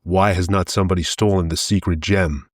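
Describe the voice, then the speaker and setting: Blunt young barbarian with a deep voice, as a male narrator plays him, terse and cool. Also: steady tone, a little fast, dry recording, clean studio sound, natural voice. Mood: questioning.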